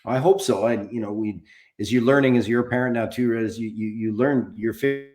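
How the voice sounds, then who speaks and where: A documentary producer in his forties, guesting on a podcast, talks candidly and rambles a bit while swearing casually. His mid-range voice is slightly fast and mellow, with roomy echo in the recording.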